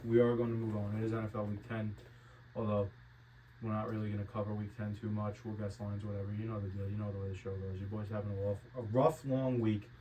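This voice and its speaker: Casual New sports podcast host. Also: male voice, fairly low pitch, fast, recorded from a distance, slight background noise, poor audio. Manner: loud hyped intro, then relaxed mumbling talk. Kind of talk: casual sports betting chat.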